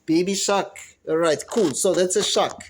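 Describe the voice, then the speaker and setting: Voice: medium pitch, moderate pace, a little hiss or hum, low-quality recording. An English teacher giving an online lesson to young children, patiently repeating words, spelling them letter by letter and praising the learners. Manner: encouraging, asks questions and praises.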